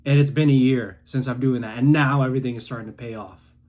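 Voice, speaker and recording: A young man in his twenties delivers a fervent, preachy talk straight to camera from his room. His voice sits at a middle pitch and swings between hushed, low moments and near-yelling bursts of conviction. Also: steady tone, fast talker. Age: 20s. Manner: intense, preachy, swings between quiet and loud. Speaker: content creator. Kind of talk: passionate motivational monologue.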